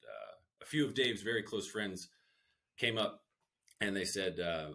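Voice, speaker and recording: A male comedian, a guest on a podcast, telling a long self-deprecating story with lively swings and the odd curse word. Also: low voice, moderate pace. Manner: animated, self-deprecating storyteller who swears.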